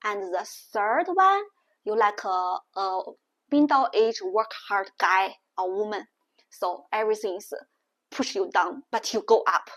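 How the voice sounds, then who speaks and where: A woman teaching Mandarin tones in a language lesson, explaining slowly and deliberately. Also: medium pitch, animated, a bit bright. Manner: slow, deliberate explaining with exaggerated tone demonstrations.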